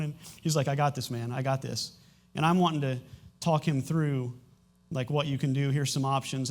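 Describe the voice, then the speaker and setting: A middle-aged pastor addresses his congregation from a church stage, with a voice of ordinary middle pitch for a man. He talks candidly and haltingly, restarting sentences as emotion presses in, plainly struggling to hold it together. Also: a little mellow. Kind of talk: sermon announcements and personal testimony. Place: church sanctuary.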